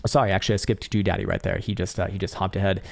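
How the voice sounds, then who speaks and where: A man's voice: sits low, flat delivery, rapid-fire, vocal fry. A man hosting a casual crypto chart livestream, rambling and profane with lots of fillers, his voice strained and tired. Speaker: crypto trading livestream host.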